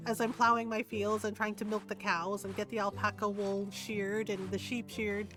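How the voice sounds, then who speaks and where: A woman's voice: mid-range voice, flat delivery, normal speed, over music. A woman streaming a farming game, chatting casually and sarcastically, full of "like" and "right?".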